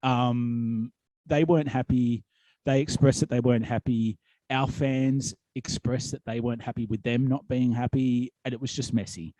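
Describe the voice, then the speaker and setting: An Australian man with a mellow, darker voice tells wrestling stories in a loose podcast chat. He rambles, restarts his sentences and fills gaps with ums and likes. The sound is dry and close, with no room around it. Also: mid-range voice, fairly even intonation, normal speed, no echo. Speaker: wrestling commentator and promoter, guest.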